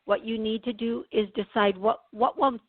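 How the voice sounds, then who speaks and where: A woman hosting a call-in radio show as a psychic medium, chatty and reassuring, often clearing her throat. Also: a little high, steady tone, normal speed, no echo. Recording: tinny phone-like sound, dry.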